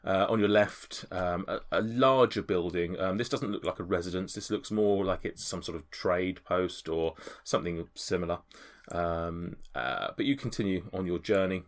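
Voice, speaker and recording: A man's voice: low voice, normal speed, few pauses. A man narrating a tabletop game as game master, rambling and hesitant with many ums.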